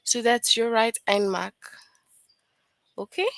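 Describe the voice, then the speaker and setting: A woman's voice: a little high, steady tone, slow pace, gravelly, no room sound, rough recording. A woman teaching an online grammar lesson to young children, patient and repetitive, often checking in with questions.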